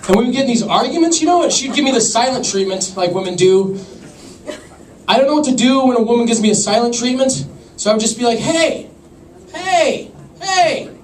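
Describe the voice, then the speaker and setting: A young man doing a stand-up comedy set with an awkward, deadpan, self-deprecating delivery to a laughing crowd. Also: very high voice, fast talker, slight background noise. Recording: echoey club from far off.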